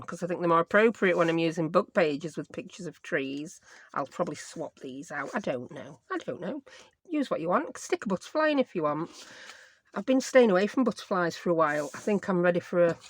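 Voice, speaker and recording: In a dry recording, a woman with a lowish voice chats through a craft tutorial at her desk. She's a vlogger from Yorkshire, England, self-mocking and fond of dialect words.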